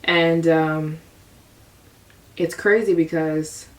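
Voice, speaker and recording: Speaking a little off-mic, a young US woman vlogs a candid personal tale, rambling and circling back with frequent repeats. Her low voice stays fairly even in intonation and she draws out her words.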